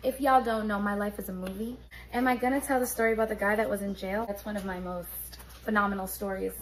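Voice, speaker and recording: A woman, telling a story on her vlog in an animated, profane, streetwise way. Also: medium pitch, fast, slight background noise, poor audio. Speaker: beauty vlogger.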